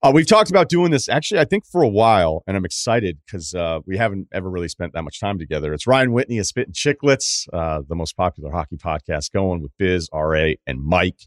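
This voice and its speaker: Man, forties, podcast host, casual banter, swearing, low voice, dry close recording. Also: lively intonation, a little fast, few pauses, no echo. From Martha's Vineyard, Massachusetts. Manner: loose, joking, swears freely.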